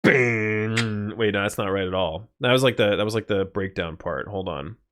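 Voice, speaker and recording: A man's voice: on the low side, moderate pace, a bit bright. A man casually chatting and joking on a live stream while playing a game, sometimes breaking into song. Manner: joking, sings song snippets.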